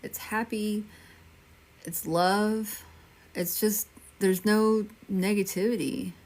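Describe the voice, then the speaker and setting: In a slow, darkish mid-range voice with fairly even intonation, a woman in her fifties from Texas hosts her medium livestream. She chats casually through viewer comments, addressing people by name to reassure them.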